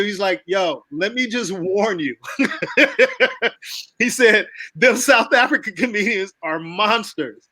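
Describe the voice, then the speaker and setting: A man from the United States hosting a casual video call chat, telling animated stories with swearing and frequent laughs. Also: high voice, slow pace, dry recording, low-quality recording. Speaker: host.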